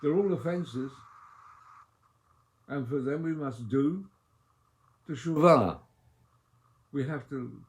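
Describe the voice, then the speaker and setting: A man delivering a sermon as a rabbi, measured and emphatic, with loudness that swells and drops. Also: mid-range voice, animated. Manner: measured, emphatic delivery with strong dynamic swings.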